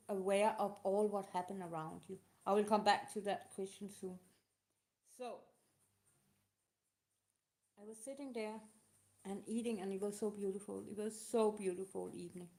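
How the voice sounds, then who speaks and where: Emotional woman answering questions, halting. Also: mid-range voice, mellow. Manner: halting, emotional, non-native phrasing. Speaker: live show host. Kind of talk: casual live talk answering questions.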